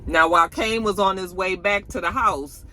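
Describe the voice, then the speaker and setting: Woman, casual TV recap, bright voice, animated, cursing, acts out quotes. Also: mid-range voice, moderate pace, a little hiss or hum. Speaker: TV recap YouTuber.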